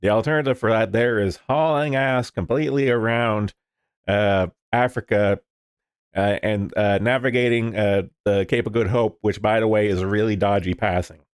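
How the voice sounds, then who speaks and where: A man's voice: fairly low pitch, fairly even intonation, moderate pace, smooth, no echo, studio quality. A man casually commenting on the news, rambling and swearing, with lots of fillers. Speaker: streamer reading the news.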